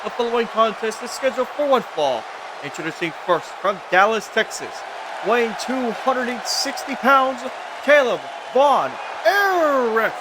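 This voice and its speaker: A man's voice: very high-pitched, animated, unhurried, crowd noise, noisy background, pitched above the performer's own voice. A man putting on a ring announcer's voice, stretching out the introduction in a formal way. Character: booming male ring announcer.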